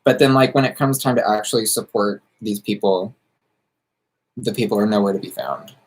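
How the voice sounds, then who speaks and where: A man's voice: on the low side, moderate pace. A man from the United States, a drag queen chatting casually on a livestream and answering viewers while doing makeup, campy and sassy with drag slang.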